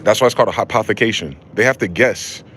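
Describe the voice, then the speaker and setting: A man's voice: fairly low pitch, quick pace, fairly bright tone, a little hiss or hum. A man delivering an angry, profane, confrontational rant that circles back to the same rhetorical questions. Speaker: vlogger. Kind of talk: angry ranting monologue.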